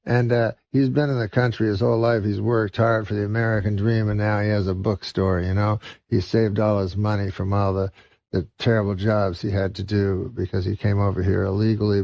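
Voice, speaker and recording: A man telling a long, rambling joke in a slow deadpan with many fillers. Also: on the low side, creaky, no echo. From Canada. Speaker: comedian guest. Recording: dull lo-fi recording.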